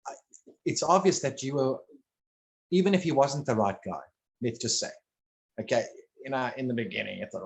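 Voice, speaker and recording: A man talking casually one on one, rambling and halting, restarting his sentences and swearing bluntly now and then. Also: medium pitch.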